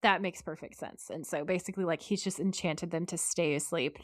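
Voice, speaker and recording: A woman's voice: lowish voice, steady tone, brisk, dry recording, clean studio sound. A woman co-hosting a podcast, recapping a TV episode in casual chat and quoting the characters' lines. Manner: recounts scenes at length, acting out the lines she quotes. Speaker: podcast co-host.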